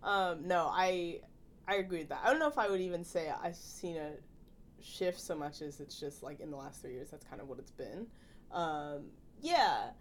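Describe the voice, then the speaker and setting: A young woman chatting casually, animated and full of laughs, with filler-heavy speech. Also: low-pitched, moderate pace, a little hiss or hum. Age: young adult. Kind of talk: casual podcast chat.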